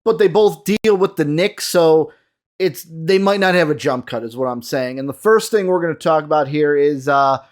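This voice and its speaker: A man's voice: on the high side, expressive, moderate pace. A young man hosting a casual solo basketball talk show, chatty and addressing his viewers directly. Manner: chatty, lots of fillers, talks to viewers. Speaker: sports show host.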